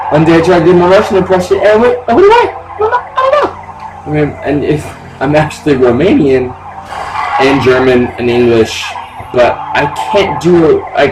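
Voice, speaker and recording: A young man rambles through his gameplay commentary, cursing freely and cracking jokes. His voice sits at an everyday middle pitch. He sounds set back from the mic, with clear background noise running under everything. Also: distant mic. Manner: profane, rambling, jokey. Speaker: let's play gamer.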